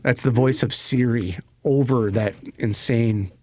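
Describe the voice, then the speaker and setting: A man's voice: medium pitch, measured pace, darkish tone. A middle-aged man co-hosting a podcast, teasing and puzzled in casual comedic chat, reading definitions aloud. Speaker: podcast co-host.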